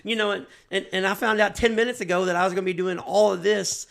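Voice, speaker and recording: A man with a gravelly, slightly high voice tells stories from the announcer's booth. He trips over his words and restarts often. His retelling turns quick and animated. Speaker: race announcer, podcast host. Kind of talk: casual storytelling chat.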